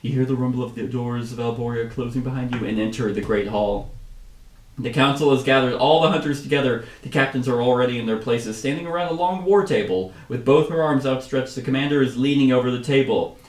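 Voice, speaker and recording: A man's voice: medium pitch, a little fast, recorded from a distance. Man reading game story in roomy room. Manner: joking, laughs at his own reading. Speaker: host of a board game playthrough. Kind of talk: casual chat and reading story text aloud. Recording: roomy sound from away from the mic.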